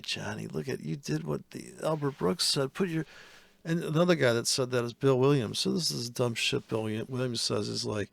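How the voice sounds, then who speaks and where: A man's voice: medium pitch, expressive, moderate pace, gravelly, breathy edge, no room sound. A man giving casual, profane and sarcastic commentary while trading live.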